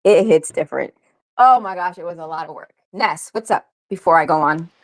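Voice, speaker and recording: Woman, American accent, host, casual live chat, animated, chatty, slightly low voice. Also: a little fast. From United States. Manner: animated and chatty, laughs often.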